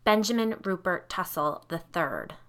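A woman's voice: on the low side, sing-song, a little slow, fairly bright tone. A woman voicing a fussy, whiny wealthy suburban mom.

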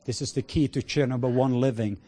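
A man preaching a sermon with passion, moving between hushed words and loud exclamations. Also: medium pitch, steady tone, fairly quick, slightly rough. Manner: sprinkles in laughter and cries of "whoa".

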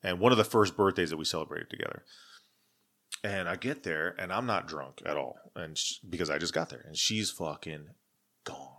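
A man's voice: low-pitched, moderate pace, fairly bright tone. A man in his forties, co-hosting a podcast, telling a story in casual chat, acting out the voices in what people said and swearing freely. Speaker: podcast co-host.

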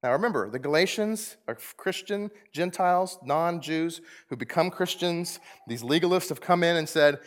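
A man's voice: fairly high pitch, normal speed, hardly any pauses. A man preaching a conversational sermon, laughing often and asking his congregation rhetorical questions. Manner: animated, conversational, with frequent laughs. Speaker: pastor.

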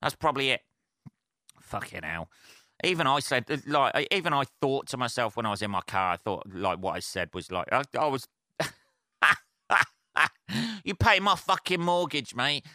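A sweary man rants alone into a close podcast mic, rambling and laughing at himself. His voice is bright and forceful, and the sound is dry with no room around it. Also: mid-range voice, animated, a little fast, dry recording. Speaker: podcast host. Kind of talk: casual solo podcast rant.

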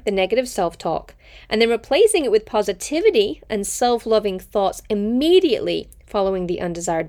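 A woman's voice: medium pitch, darkish tone. Upbeat encouraging woman podcast host. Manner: upbeat, encouraging, laughs often. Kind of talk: self-help podcast monologue.

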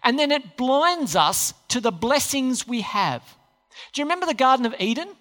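Animated preacher in a reverberant hall. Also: sits high, moderate pace, soft background music. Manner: storytelling with rhetorical questions, acted-out quotes. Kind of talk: sermon.

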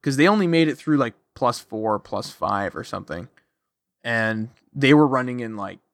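A man hosts a casual podcast in a loose, chatty way, full of "like" and "you know". His voice sits at a middle pitch and sounds close and dry. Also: lively intonation, moderate pace, a bit bright, no echo. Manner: loose, chatty, lots of likes. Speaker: podcast host.

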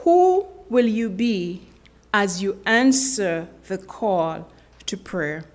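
A woman giving a sermon to a church women's ministry, telling an illustration in a slow, deliberate, earnest way with dramatic pauses. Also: medium pitch, expressive, a little mellow. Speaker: speaker at a women's ministry gathering.

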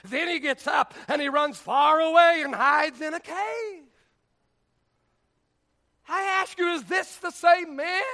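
A male pastor preaching a sermon with passion, often raising his voice to a shout. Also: extremely high pitch, slow, creaky, pauses often.

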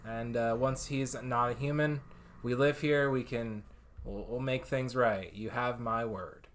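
A man's voice: mid-range voice, fairly even intonation, a little slow, lightly acted. A man playing a fumbling simple townsman. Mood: earnest. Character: simple young male townsperson pleading for his frog brother.

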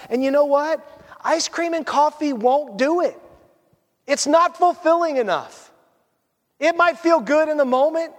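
A man preaching a sermon as a pastor, animated and conversational. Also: very high-pitched, in a large hall.

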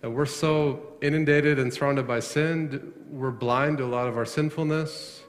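A pastor preaching a sermon, asking his congregation questions and rising sharply in pitch to stress a point. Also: fairly even intonation, moderate pace. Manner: asks the congregation questions, rises sharply on emphasis. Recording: long reverb of a hall.

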